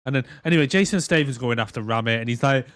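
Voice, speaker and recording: A man's voice: mid-range voice, quick pace, fairly bright tone, no room sound. A man co-hosting a podcast, chatting casually and animatedly, with swearing and silly acted voices. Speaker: podcast co-host. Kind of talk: casual chat.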